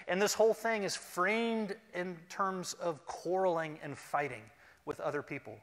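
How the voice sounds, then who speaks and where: Animated preacher in a reverberant church. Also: male voice, high-pitched, normal speed. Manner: animated, humorous, leads the congregation in call-and-response. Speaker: pastor. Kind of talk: sermon. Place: church sanctuary. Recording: long reverb in a church hall.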